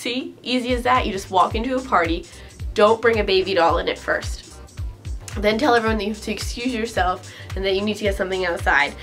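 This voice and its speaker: A young woman talks through her vlog in a loose, giggly way, dropping "like" and "um" everywhere. Her voice sits in a middle pitch, with faint music underneath. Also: a little fast, a bit bright. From United States. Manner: chatty, giggly, full of "like" and "um". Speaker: vlogger. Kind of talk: casual vlog chat.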